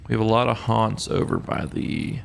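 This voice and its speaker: A man giving relaxed, casual commentary while livestreaming a game, thinking aloud and laughing easily. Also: on the low side, moderate pace, vocal fry, slight background noise. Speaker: gaming streamer. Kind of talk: casual live gameplay commentary.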